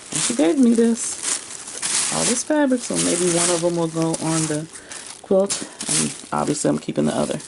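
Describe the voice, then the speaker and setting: A gravelly, fry-heavy woman on the lower side of the pitch range, chatting to her viewers while she digs through bags in her sewing room. She rambles, laughs and talks to herself, with crinkling and steady noise behind her voice. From United States. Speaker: crafter and vlogger. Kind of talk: casual chat to viewers.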